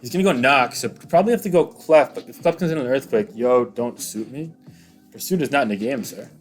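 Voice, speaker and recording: A man giving casual play-by-play commentary on an online battle, chatty and excitable, rambling with lots of fillers. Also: mid-range voice, fairly quick, faint music behind.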